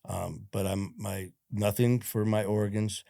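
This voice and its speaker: A man with a lowish voice tells his story as a podcast guest. He is blunt and swears freely, slipping into the voices of the people he quotes. The recording is close and dry, with no room sound. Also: steady tone, unhurried, gravelly, dark tone, no room sound. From Detroit, USA. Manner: blunt, profane, retells events with quoted dialogue. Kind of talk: casual interview storytelling.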